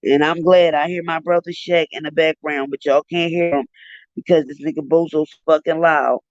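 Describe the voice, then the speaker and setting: A man's voice: on the high side, fairly even intonation, moderate pace, no echo. Exasperated profane man ranting live. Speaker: livestream commentator. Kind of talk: heated live commentary. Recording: dull lo-fi dry livestream audio.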